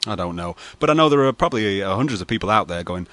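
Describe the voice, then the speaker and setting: A man's voice: lowish voice, animated, racing, few pauses, fairly bright tone, no room sound. Brief: man, radio host, rambling mock-serious delivery, dry close sound. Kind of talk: late-night radio banter.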